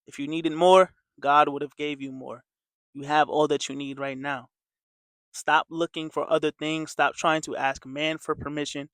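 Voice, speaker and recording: This man's voice is fairly high and a bit bright, captured cleanly in a studio without room sound. Acting as a coach, he delivers an earnest, casual faith-based pep talk, chatty, filler-heavy, and repetitive.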